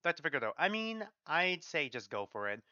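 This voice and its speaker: A man's voice: fairly high pitch, sing-song, fairly quick, bright, forceful tone, clear, resonant tone, no echo, heavily acted. A man voicing a laid-back, blunt doctor colleague who talks casually, on dull lo-fi audio. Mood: offhand.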